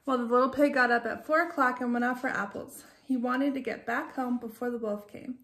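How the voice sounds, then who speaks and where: A woman teacher reading a children's picture book aloud, gentle and expressive, with chatty asides to young listeners. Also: a little high, vocal fry, echoey room.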